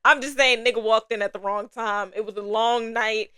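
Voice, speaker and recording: A young adult woman hosting a casual TV review podcast, animated and swearing casually, laughing often between her thoughts. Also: fairly high pitch, normal speed, smooth, no room sound. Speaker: podcast host.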